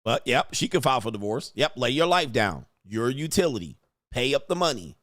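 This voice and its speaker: A man's voice: medium pitch, very animated, a little fast, a bit bright, dry recording, studio quality. A man hosting a reaction commentary show, talking in a blunt, crude and mocking way with lots of slang. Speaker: commentary host.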